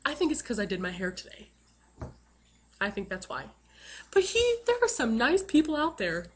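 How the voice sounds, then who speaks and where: A woman's voice: a little high, huge pitch swings, moderate pace, slight background noise. A woman telling a funny story to her camera in a chatty, self-mocking way, full of fillers. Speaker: vlogger.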